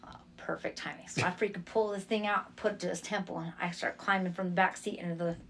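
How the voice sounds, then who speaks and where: Talking fast in a mid-range voice, with a little hiss or hum, a woman guest recounts her life testimony. She uses streetwise slang, tells her stories casually and animatedly, and imitates the voices of those she quotes.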